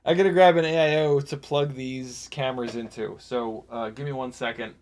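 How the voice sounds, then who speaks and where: A weary, sleep-deprived man of forty or older hosts a laid-back FPV drone livestream, speaking at an ordinary mid pitch with a darkish tone. He rambles openly, full of fillers, reading viewer comments aloud and tossing in self-deprecating remarks. His intonation stays fairly even and his pace moderate.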